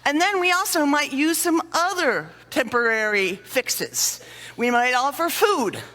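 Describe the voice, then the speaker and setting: A high-pitched, bright-voiced woman gives an animated talk to a conference audience and acts out small scenes as she goes. Her voice rings with the long reverb of a large hall. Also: unhurried. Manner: animated storyteller, acts out sighs and little scenes. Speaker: conference speaker on dementia care. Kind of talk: lively presentation to an audience.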